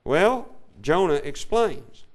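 A male preacher delivering a sermon, reading scripture in an old-fashioned cadence and swinging between loud declaration and quiet asides. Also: on the high side, big pitch swings, slow pace. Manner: old-style King James reading cadence.

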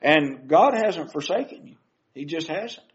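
A man's voice: a little high, lively intonation, measured pace. An older man preaching a sermon in a church, talking in a conversational way and asking his listeners questions. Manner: conversational, asks the congregation questions, with frequent uh fillers. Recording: slightly dull lo-fi sound.

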